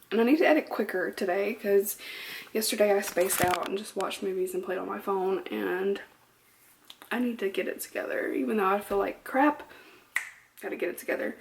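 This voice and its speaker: A woman's voice: mid-range voice, a little hiss or hum. A tired woman vlogging at home in casual chat, rambling, laughing often and dropping to near-whispers.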